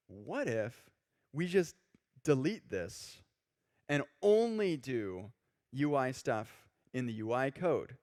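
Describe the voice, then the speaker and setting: Male conference speaker, casual and animated, live-coding on stage into a stage mic. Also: mid-range voice. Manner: casual, animated, acts out quoted reactions.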